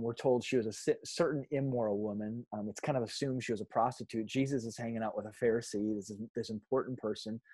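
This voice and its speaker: A man in his thirties, a pastor, talking through stories in a relaxed interview. He jumps into voices when he quotes people and laughs easily as he goes. His voice sits mid-range and sounds close and dry, with no room around it. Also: mid-range voice, husky, dry recording. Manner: animated storyteller, acts out quotes, laughs often. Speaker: pastor and author, podcast guest. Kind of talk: casual storytelling interview.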